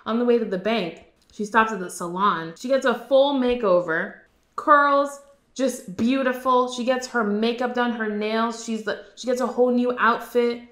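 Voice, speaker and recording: A woman casually recapping a movie, animated and quick to mimic the characters. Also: a little high. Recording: roomy echo.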